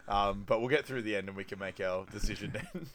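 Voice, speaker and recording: A man with a fairly low voice chats loosely through a film recap on a podcast. He rambles, leans on fillers and laughs easily as he goes. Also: a little fast, a bit bright, slight background noise. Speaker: podcast co-host. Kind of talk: casual film recap chat.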